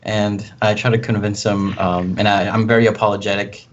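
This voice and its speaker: A male tabletop player who talks in a casual, rambling way, full of ums and likes. His voice sits fairly low and comes through a muffled, lo-fi voice-chat line. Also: level tone, a little fast, slight background noise. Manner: rambling, filler-heavy.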